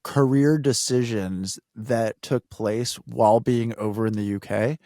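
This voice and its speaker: A man co-hosting a podcast in casual, jokey, animated chat. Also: mid-range voice, a little slow, no room sound, studio quality. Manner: animated, jokey, self-deprecating, restarts a lot. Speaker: podcast co-host.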